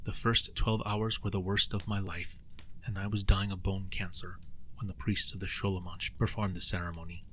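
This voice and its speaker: A man doing Father Vadim, a gentle Romanian priest. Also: low-pitched, flat delivery, moderate pace, a little hiss or hum, poor audio. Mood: grave, gentle. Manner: gentle, grave, apologetic. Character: kindly Romanian village priest, large, calm.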